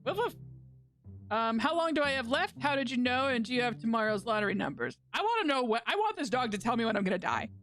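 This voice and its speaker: A woman's voice: on the high side, very animated, fast talker, hardly any pauses, fairly bright tone, soft background music. A woman streamer, goofy and self-mocking, reading a dating game aloud and joking through it.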